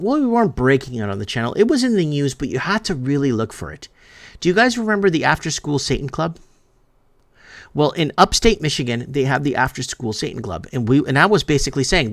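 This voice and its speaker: A man hosting a talk show, reading through news headlines and commenting in a rambling, emphatic way that often stumbles over words. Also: mid-range voice. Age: adult parent of three. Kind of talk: casual news commentary while browsing headlines.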